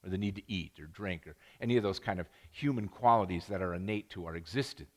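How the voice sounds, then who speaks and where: A man's voice: deep voice, fast, big-room sound. An older man preaching a sermon as pastor, telling stories with many restarts and self-deprecating jokes. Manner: rambling storytelling with many restarts and asides. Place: church sanctuary.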